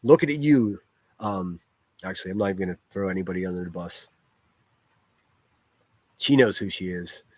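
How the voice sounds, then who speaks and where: A man's voice: deep voice, moderate pace, pauses often, a little mellow, dry recording. A man hosting a live stream and answering his chat in a blunt, profane, rambling way, with frequent restarts. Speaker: livestreamer reading chat.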